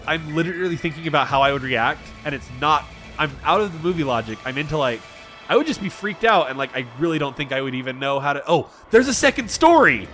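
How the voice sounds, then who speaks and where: Lively, bright-voiced man joking as a player. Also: on the high side, fast talker, faint music behind. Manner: joking, mock-panicked yelps and rambling asides. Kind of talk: casual improvised game play.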